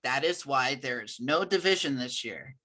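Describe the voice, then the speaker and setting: A man co-hosting a casual sports podcast, relaxed and wry. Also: medium pitch, normal speed, crowd noise. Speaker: podcast co-host.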